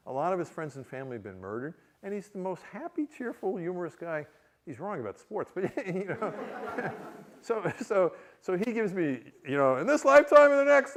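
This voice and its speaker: Animated New man telling a story. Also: a little high. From New York City, USA. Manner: animated, self-mocking, frequent restarts. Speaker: author giving a public reading. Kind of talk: comic storytelling to an audience.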